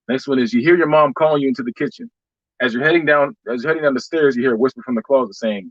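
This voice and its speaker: A man's voice: mid-range voice, very fast, no echo, lo-fi sound. A man hosting a casual podcast, reading short scary stories, laughing often and stumbling over repeated words.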